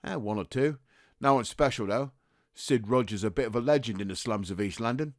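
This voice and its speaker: A man's voice: mid-range voice, a little fast, no echo, studio quality, natural voice. A man reading the part of a cheeky, hopeful working-class young soldier in a script reading. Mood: joking.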